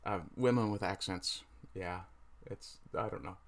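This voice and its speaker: A man with a low voice hosts a casual home livestream, talking loosely to his chat. He pauses often and fills the gaps with ums and uhs. His mic sits right under his chin. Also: vocal fry. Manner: hesitant, many fillers, reads chat aloud. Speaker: livestream host.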